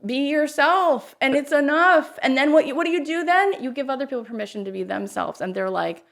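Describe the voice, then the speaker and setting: Lively, higher-voiced woman telling candid stories. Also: fairly quick, vocal fry. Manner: animated, acts out quoted voices. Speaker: podcast guest, songwriter. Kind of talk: candid conversational storytelling.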